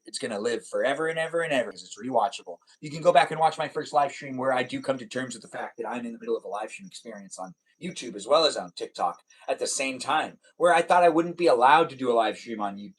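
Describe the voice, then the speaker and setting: A man's voice: medium pitch, animated, fast talker, few pauses, slightly rough, poor audio. A man live streaming, chatting casually and reading out viewer comments in a rambling, repetitive way.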